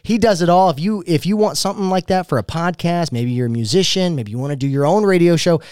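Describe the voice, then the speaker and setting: A man from Oklahoma hosts a casual radio interview in a small studio, chatty and upbeat. His voice sits a bit high and comes across smooth and resonant. The sound is close and dry. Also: fast talker, darkish tone, no room sound. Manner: upbeat, chatty, with fillers and restarts. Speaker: radio show host.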